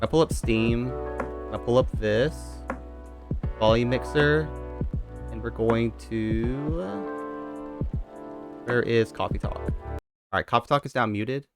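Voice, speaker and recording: A man's voice: mid-range voice, slow pace, pauses often, music in the background. Man rambling to his stream chat. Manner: rambling, talks straight to chat. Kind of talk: casual live-stream chat.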